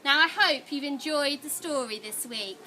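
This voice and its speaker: A woman teacher gently giving young children step-by-step craft instructions and reading them a story. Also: high-pitched, normal speed. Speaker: primary school teacher. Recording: noisy background.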